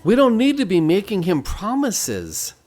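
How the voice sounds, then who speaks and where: Slow, preachy gaming host man. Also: high-pitched, wildly swooping pitch, a little mellow, soft background music. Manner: unhurried, repeats phrases like a preacher. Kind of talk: gameplay commentary mixed with preaching.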